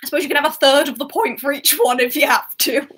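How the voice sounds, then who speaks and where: A woman's voice: sits high, fairly even intonation, fast talker, fairly bright tone. A young woman hosting an online quiz, chatty and giggly as she reads out scores and questions. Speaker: quiz host.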